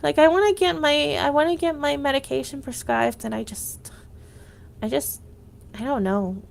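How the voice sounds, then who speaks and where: A woman's voice: sits high, normal speed, gravelly, a little hiss or hum. A woman livestreaming, venting in a rambling casual monologue, full of "like" and restarts.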